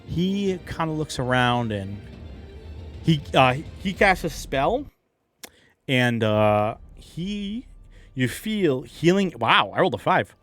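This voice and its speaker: A game master, a man, narrating a tabletop battle with lively, swooping intonation and frequent laughter. Faint music plays in the background. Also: medium pitch, no room sound. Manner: animated, laughs often.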